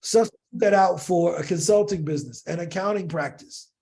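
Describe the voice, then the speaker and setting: A man from the United States, a podcast guest, telling a lively story in casual slang and acting out bits of dialogue. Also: high-pitched, fairly quick, gravelly, husky. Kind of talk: animated storytelling in an interview.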